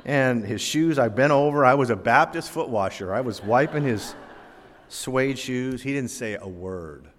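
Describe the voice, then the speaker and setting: A man preaching a sermon, telling a self-deprecating personal story in an animated way before drawing a lesson from scripture. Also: mid-range voice, unhurried, big-room sound, a little hiss or hum.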